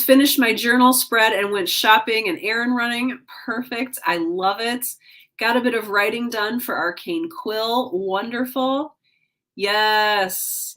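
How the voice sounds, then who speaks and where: Her voice is mid-range and a bit bright as she hosts a relaxed livestream from home. Sleepy and yawning, she still reads out comments and encourages her viewers warmly.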